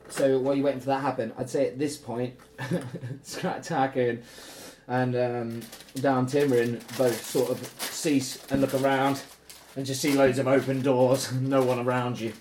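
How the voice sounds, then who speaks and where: A man narrating as game master, relaxed and chatty, often laughing. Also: medium pitch, moderate pace, reverberant, slight background noise.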